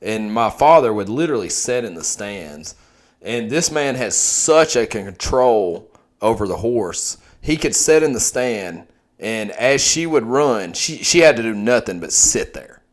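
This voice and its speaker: Young man, podcast host, animated and profane, voice swooping up and down. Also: fairly low pitch, a little slow. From Texas. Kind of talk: casual chat.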